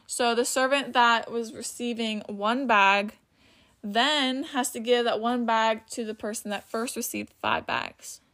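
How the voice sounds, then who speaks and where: A woman's voice: on the high side, steady tone, unhurried, sharp tone. A woman hosting a casual Bible teaching podcast, chatty and loose, often saying "like", sometimes stuttering and losing her place. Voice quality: stutters at times. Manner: loses her place and restarts. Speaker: podcast host.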